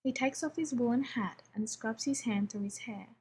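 Woman narrating a story, steady. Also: a little high, normal speed, a little hiss or hum. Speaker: story reader. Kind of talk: scripted narration.

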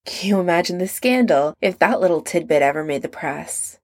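A woman narrating a story in a measured storytelling manner. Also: on the low side, animated, darkish tone. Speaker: audiobook narrator. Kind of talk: scripted narration.

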